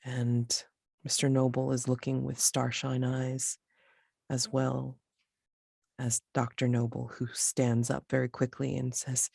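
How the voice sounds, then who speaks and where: A game master describes the scene slowly and deliberately for the players. The voice is gravelly and the recording is dry and close. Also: medium pitch, monotone, a little mellow, dry recording. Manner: slow descriptive narration. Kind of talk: narrating a tabletop game.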